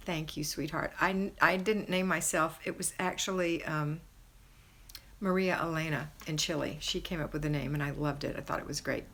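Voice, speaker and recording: Chatty and upbeat, a homemaking livestream host reads her viewers' comments out loud, praising and encouraging them, her pitch climbing high in excitement. Her voice has vocal fry and a moderate pace.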